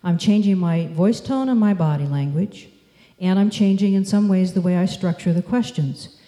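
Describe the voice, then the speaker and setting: A woman gives a measured, story-driven talk from a stage. Her voice is dark and mellow, and it carries through a reverberant hall. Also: lowish voice. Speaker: speaker. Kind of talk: conference talk. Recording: echoey hall.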